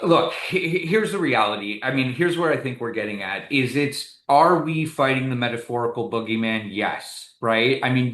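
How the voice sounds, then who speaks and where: Animated man telling stories. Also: medium pitch, roomy sound. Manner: animated storyteller, emphatic. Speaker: guest, community advocate. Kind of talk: conversational interview.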